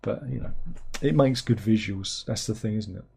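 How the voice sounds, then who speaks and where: A man's voice: on the low side, moderate pace, vocal fry, darkish tone, breathy edge. A man hosting a casual film review, reading out viewer comments in a rambling, sardonic way with incredulous outbursts.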